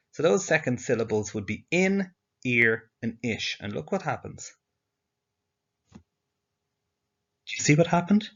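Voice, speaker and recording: A man's voice: medium pitch, gravelly, a bit bright, husky. A male teacher giving a slide-based language lesson, explaining patiently step by step and asking the learner questions. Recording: dull lo-fi audio.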